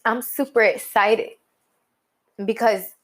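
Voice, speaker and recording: A woman hosting her own podcast, giving motivational talk with drawn-out, emphatic pauses and colloquial phrasing. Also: a little high, steady tone. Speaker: podcast host.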